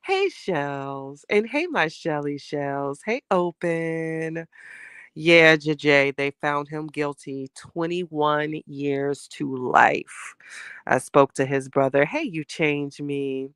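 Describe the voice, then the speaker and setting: A man's voice: on the high side, slow pace, a bit bright, clean tone, no echo, clean studio sound. A man hosting a casual chat show, talking candidly and at length while getting over a cold. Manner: candid, rambling, heartfelt commentary. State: has a cold. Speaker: host.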